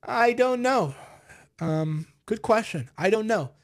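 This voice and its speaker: A man's voice: high-pitched, animated, takes it slowly. A man in his forties chatting casually on a livestream, reading viewer comments and telling rambling, boastful stories with acted-out quotes. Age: 40s. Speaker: vlogger answering viewer comments.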